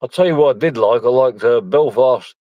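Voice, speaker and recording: A man's voice: medium pitch, fast, darkish tone, dry recording, poor audio. A man from London telling rambling, profane stories in a casual group chat.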